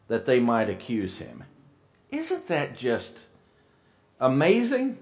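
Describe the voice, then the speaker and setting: A man's voice: mid-range voice, wildly swooping pitch, takes it slowly, pauses often, darkish tone. A male pastor preaching a sermon, chatting with the congregation and reading scripture with rising emphasis. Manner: conversational, with restarts and asides, rising into emphatic reading.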